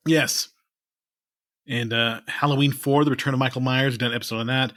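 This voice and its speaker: A man's voice: mid-range voice, steady tone, fairly quick, a bit bright, no room sound, studio quality. A man co-hosting a podcast, chatting casually with a rambling, laid-back manner that trails off at the ends of lines. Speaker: podcast co-host. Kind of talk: casual chat.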